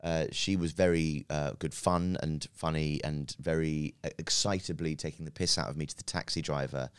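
A man with a very low voice tells a story as a podcast guest, pausing often with ums and uhs. His tone is smooth and resonant, close and dry on the mic in a studio. The delivery is loose and unscripted. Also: fairly even intonation, no echo. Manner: rambling, hesitant with many fillers. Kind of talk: casual storytelling chat.

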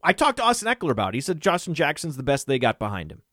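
A man co-hosting a casual podcast, talking excitedly and rattling off lists of names and numbers, often laughing at himself. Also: a little high, racing, dry recording, clean studio sound. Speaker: podcast co-host.

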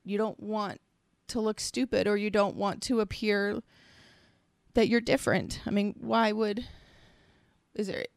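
A woman's voice: mid-range voice, fairly even intonation, unhurried, vocal fry, no echo, clean studio sound. A woman co-hosting a casual conversation, earnest and reflective, working through her thoughts in long, searching sentences.

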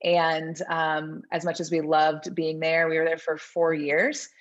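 A woman's voice: deep voice, flat delivery, unhurried, muffled recording. A woman in her thirties chatting easily as a podcast guest, laughing often and poking fun at herself. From American South. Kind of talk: casual interview chat.

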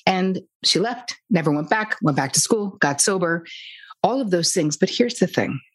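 A woman guest talking about codependency in a blunt, lively, casual way, sometimes swearing lightly. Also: lowish voice, moderate pace, husky. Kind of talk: casual storytelling interview.

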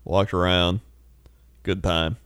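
A man's voice: deep voice, little pitch movement, takes it slowly, a bit bright, clean tone, dry recording, clean studio sound. A young man chatting casually on a podcast, telling stories with laughs and acting out the people in them. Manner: laughing storyteller, acts out quoted people. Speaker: podcast co-host. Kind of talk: casual chat.

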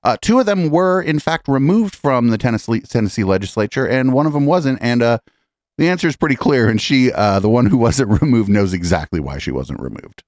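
A man hosting a live podcast in casual commentary, profane and rambling, often clearing his throat. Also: medium pitch, lively intonation, brisk, a little mellow, dry recording, clean studio sound. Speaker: podcast host.

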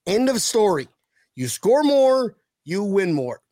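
Man, sports podcast host, rambling, high voice, very dry recording. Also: takes it slowly, no echo. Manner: animated, rambling with restarts. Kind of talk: casual sports chat.

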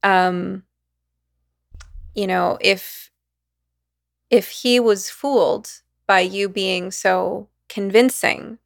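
A woman hosting an interview who speaks as a clinician, measured and thoughtful in her responses. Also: mid-range voice, steady tone, creaky. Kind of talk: conversational interview.

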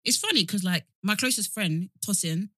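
A woman's voice: medium pitch, moderate pace, no room sound, clean studio sound. A young woman with an Essex accent, co-hosting a casual podcast chat and telling stories. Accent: Essex English. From Essex, England. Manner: lively storyteller, acts out quoted people. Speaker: podcast co-host.

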